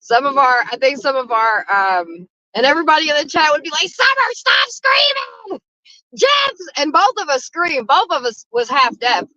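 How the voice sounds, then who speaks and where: A woman hosting a casual livestream chat from a car, talking loudly with lots of profanity and frequent laughter. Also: high-pitched, lively intonation, fairly quick, few pauses, no room sound, muffled recording. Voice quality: loud, profane, laughing often. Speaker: livestream host.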